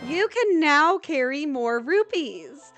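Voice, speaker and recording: A woman voicing a gentle female fairy spirit from a game, reading its lines calmly and plainly. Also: high voice, slow, faint music behind, exaggerated voice. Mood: kindly.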